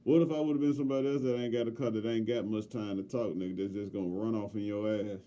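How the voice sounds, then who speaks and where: A middle-aged man co-hosting a podcast, telling a story in casual chat with heavy profanity and lively, loud swings when he quotes himself. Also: on the low side, fast talker. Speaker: podcast co-host.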